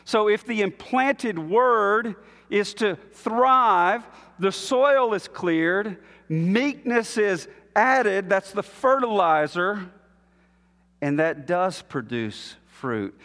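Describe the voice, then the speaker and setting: A man preaching a sermon as a pastor, measured and emphatic, with long pauses between phrases. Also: a little high, fairly bright tone, in a large hall.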